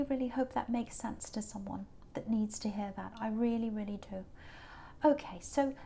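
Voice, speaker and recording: Earnest lady doing a tarot reading to camera, kinda high voice, keeps saying really really. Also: warm tone. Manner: earnest, emphatic, repeats words for stress. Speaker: tarot reader.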